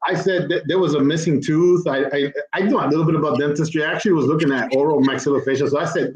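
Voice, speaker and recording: An older man, a physician and guest, chatting casually and telling an animated anecdote in which he acts out other people's voices. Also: a little high, fast. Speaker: physician and cigar company founder, guest. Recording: echoey, dull-sounding room.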